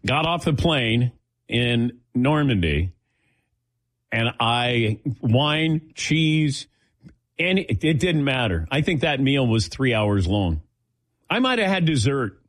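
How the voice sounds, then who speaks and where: A man's voice: mid-range voice, big pitch swings, slow pace, fairly bright tone, dry recording, clean studio sound. A middle-aged man, a show host, telling a chatty personal story and acting out the voices of people he quotes. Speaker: host taking audience questions. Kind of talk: casual storytelling.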